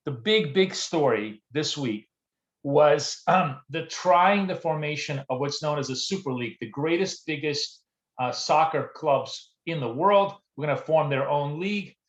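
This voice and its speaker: A man's voice: fairly high pitch, expressive, a little slow, reverberant. A man hosting a live trading stream, talking casually with many fillers and restarts and greeting viewers by name from the chat. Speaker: trading show host.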